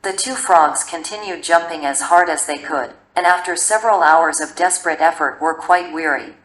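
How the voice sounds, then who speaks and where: Low-voiced woman narrating stories. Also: fairly bright tone. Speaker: story narrator. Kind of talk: storybook narration for learners. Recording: echoey room.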